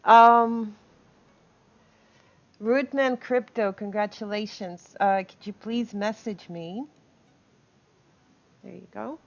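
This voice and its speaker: A woman's voice: mid-range voice, steady tone, takes it slowly, long pauses. Woman streamer chatting with her viewers, laughs a lot, kinda muffled lo-fi mic. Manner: chatty, laughs often, reads chat aloud. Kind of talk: casual live-stream chat with viewers.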